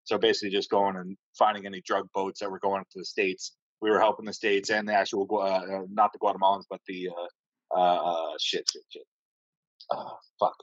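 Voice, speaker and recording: Low-voiced profane sailor telling stories. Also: male voice, little pitch movement, fairly quick, dry recording, highs cut off. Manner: rambling, profane, many fillers and restarts. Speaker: podcast guest, navy sailor. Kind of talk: casual storytelling.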